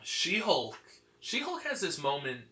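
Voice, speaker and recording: A man hosting a podcast, recapping a comic story in casual, animated chat, full of "like" and quick laughs. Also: a little high. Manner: animated, laughing, lots of fillers like "like". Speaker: podcast host. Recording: echoey room.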